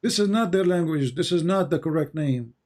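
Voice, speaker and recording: A man's voice: on the high side, animated, a little fast, darkish tone. A man from the Middle East, a native Arabic speaker, arguing insistently on a call-in debate show and repeating his points with rising emphasis. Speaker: Christian apologist debating a caller.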